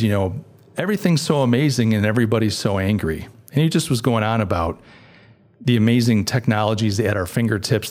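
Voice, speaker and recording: A man's voice: fairly low pitch, a little mellow. Reflective man musing on gratitude. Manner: conversational, reflective, many fillers and restarts. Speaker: podcast host. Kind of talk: casual monologue.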